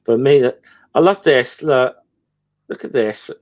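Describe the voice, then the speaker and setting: A man co-hosting a casual stream, reading comic dialogue aloud with halting restarts. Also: mid-range voice. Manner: halting, reads quoted lines with many restarts. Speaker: co-host.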